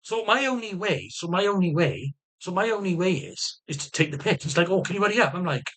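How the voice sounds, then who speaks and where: Middle-aged man, ranting vlogger, slightly high voice, very lively pitch, profane, restarts often. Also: fairly quick. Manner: heated, profane, repeats and restarts phrases; mimics other people's voices. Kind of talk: casual ranting monologue.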